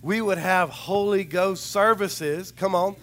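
A man delivers a sermon in a rambling, chatty, storytelling way, with a fairly high voice. His voice is a little hoarse as he recovers from losing it. He mixes in humor as he talks to his congregation. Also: slow. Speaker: preacher.

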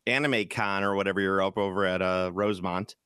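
A man's voice: low voice, fairly even intonation, brisk, a bit bright, smooth, no echo, clean studio sound. A man from Chicago co-hosting a casual podcast chat, rambling with lots of restarts and fillers. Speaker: podcast co-host.

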